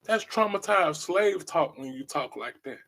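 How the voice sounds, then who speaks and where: This podcast host, a man with a notably high, gravelly voice of fairly bright tone, holds forth in a passionate, expressive monologue. Unhurried, he preaches with emphasis and repeats the same phrases over and over to hammer each point home.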